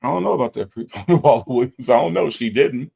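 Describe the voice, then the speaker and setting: A man's voice: medium pitch, expressive, fast, vocal fry, darkish tone, husky. A male host reading out chat comments during a livestream and answering them with sassy, emphatic repetition.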